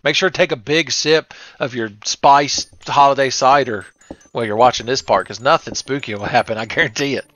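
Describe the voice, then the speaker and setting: A let's play host speaks fairly quickly in a mid-range, fairly bright voice, the recording dry. His commentary on a retro horror game is comedic, full of sarcastic, crude jokes. The lo-fi mic sounds slightly dull, with a faint hiss.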